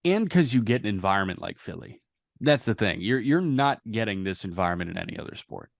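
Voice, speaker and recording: A man's voice: on the low side, big pitch swings, fairly quick, creaky, dry recording. A man co-hosting a casual sports podcast, talking loosely and sarcastically, swearing freely on a close mic. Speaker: podcast co-host.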